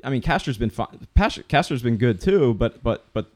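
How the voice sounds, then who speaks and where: A man's voice: medium pitch, big pitch swings, moderate pace. A man from the Poconos co-hosting a casual sports talk show, rambling with many restarts and fillers. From Poconos, Pennsylvania. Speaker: podcast co-host.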